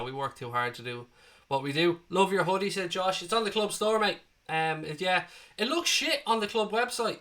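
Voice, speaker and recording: A man's voice: fairly high pitch, pushed and bright. A man in his twenties hosting a live football watchalong, reading viewer comments aloud with blunt, sweary banter. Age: 20s.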